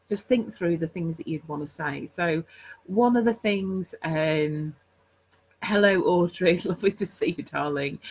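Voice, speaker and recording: A woman's voice: low-pitched, darkish tone, low-quality recording. Chatty woman, faint noise. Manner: chatty and rambling, full of fillers and self-corrections. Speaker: host. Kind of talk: casual live stream teaching.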